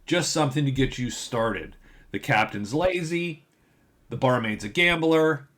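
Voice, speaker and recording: A man's voice: medium pitch, lively intonation, a little slow, fairly bright tone. Rambling, self-deprecating man giving advice. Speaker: game master giving advice. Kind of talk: casual advice monologue.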